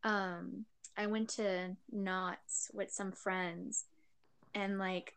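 A woman's voice: mid-range voice, level tone, drawn-out words, fairly bright tone, clear, resonant tone. Young woman, giggly and rambly, just chatting with friends. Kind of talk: casual chat.

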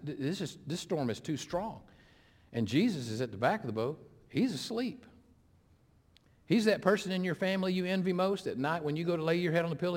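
A middle-aged man, an interim pastor, preaching a sermon, swinging between loud, pressing appeals and hushed, slow retellings. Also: fairly high pitch. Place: church sanctuary. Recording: long hall reverb.

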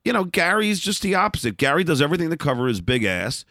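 A middle-aged man talks bluntly as an interview guest, his pitch swinging widely as he tells his stories. His tone is bright and forward, and he keeps stumbling into restarts and repeated words. The room sounds dry and close. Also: very animated, quick pace, no echo. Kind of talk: candid storytelling in a conversation.

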